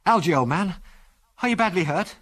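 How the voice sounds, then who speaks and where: A man reading an excitable young pilot crying out. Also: high voice, normal speed, voice pushed up. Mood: urgent. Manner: urgent, raised cries.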